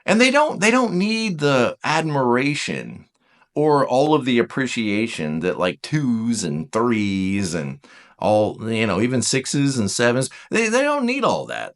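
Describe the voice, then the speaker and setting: A man giving a casual, animated teaching talk, emphatic and self-deprecating. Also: medium pitch, measured pace. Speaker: Enneagram teacher.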